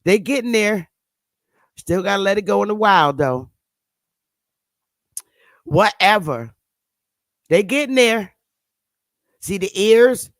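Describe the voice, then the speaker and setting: A woman's voice: mid-range voice, animated, takes it slowly, pauses often, no echo. A woman hosting her channel, giving blunt, sarcastic casual commentary on pictures and scolding her viewers. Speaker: channel host.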